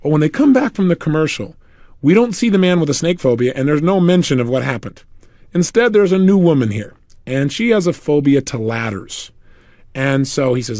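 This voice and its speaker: A brisk motivational talk comes from a man whose voice is on the high side, who tells his story vividly and acts out the people he quotes. It's a dry recording with clean studio sound.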